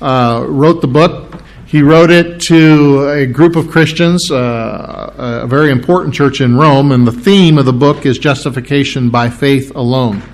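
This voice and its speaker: A middle-aged man preaching an expository sermon to his congregation, halting often and clearing his throat. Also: mid-range voice. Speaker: pastor.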